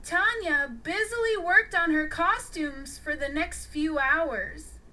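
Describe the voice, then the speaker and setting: A woman reading an audiobook story aloud in a lively, sing-song manner. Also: very high-pitched, slow, low-quality recording. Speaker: audiobook narrator. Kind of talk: storybook read-aloud narration.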